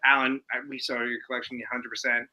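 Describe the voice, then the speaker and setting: A man who collects figures, talking in a casual, excitable and rambling way. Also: medium pitch, fast, rough recording. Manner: excitable, rambling, says "like" a lot. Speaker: collector co-host. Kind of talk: casual chat.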